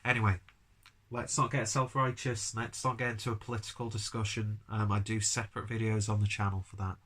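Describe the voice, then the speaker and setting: A man reviews a beer in a loose, rambling vlog style and swears now and then. He is coming down with a cold. His voice sits fairly low. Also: little pitch movement, brisk, fairly bright tone. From United Kingdom. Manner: rambling, chatty, casual swearing.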